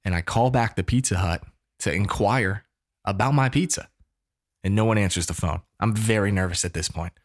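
Animated storyteller man with low voice. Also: moderate pace. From United States. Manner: animated, preacher-like call-and-response. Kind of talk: casual storytelling.

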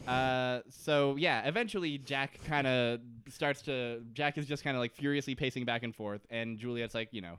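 A man's voice: medium pitch, normal speed, few pauses, a bit bright, clear, resonant tone, no echo, clean studio sound. A man co-hosting a casual podcast, recapping a TV episode, laughing often and acting out the characters' lines. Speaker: podcast co-host.

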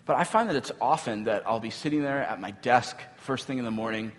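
Man, pastor, relaxed conversational sermon, fillers and chuckles, long hall reverb. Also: medium pitch, fairly quick. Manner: casual and conversational, with fillers and light laughs.

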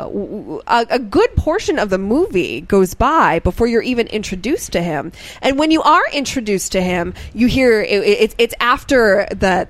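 A woman chatting casually on a podcast, gushing and excitable, with halting restarts. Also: medium pitch, no room sound. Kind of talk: casual chat.

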